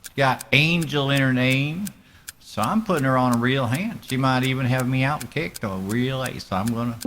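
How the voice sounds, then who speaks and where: A man's voice: mid-range voice, normal speed, fairly bright tone, slight background noise. A man talking in a put-on Southern US accent, commentating his own online poker game in a laid-back, profane, joking way. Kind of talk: casual live game commentary.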